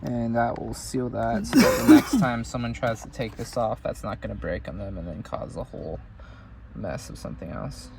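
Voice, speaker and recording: A man showing a car repair step by step, in a relaxed, instructive way. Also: mid-range voice, moderate pace, gravelly, over a noisy crowd. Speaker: mechanic. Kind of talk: hands-on repair walkthrough. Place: auto repair shop.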